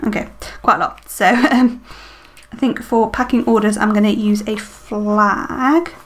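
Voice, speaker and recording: In a medium-pitched voice with fairly even intonation and a measured pace, a woman decorates her planner and chats casually to herself. As a planner vlogger filming a plan-with-me, she fills the talk with ums and small questions.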